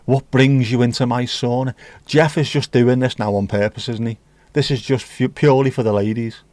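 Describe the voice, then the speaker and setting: A man hosts a relaxed livestream, wandering from joke to joke and breaking into bits of old songs. His voice sits at an ordinary middle pitch. The sound is dry and close, with no room echo. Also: moderate pace. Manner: jokey, rambling, sings snatches of songs. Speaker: livestream host. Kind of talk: casual chat reading viewer comments.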